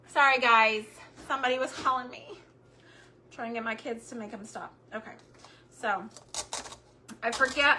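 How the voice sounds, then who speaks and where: A middle-aged woman chatting casually on a homemaking livestream, searching for words between fillers, her throat a bit hoarse. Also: on the high side, a little hiss or hum. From Texas. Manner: chatty, warm Southern drawl with frequent fillers and word searches.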